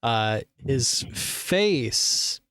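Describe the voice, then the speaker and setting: A man running a tabletop game who describes scenes in a relaxed, unhurried way. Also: mid-range voice, clear, resonant tone, dry recording, clean studio sound. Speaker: game master.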